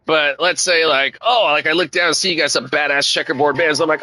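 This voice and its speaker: A man's voice: fairly high pitch, a little fast, sharp tone, rough recording. A man streaming a sim race, rambling in casual, profane, slang-heavy commentary. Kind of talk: casual commentary while racing.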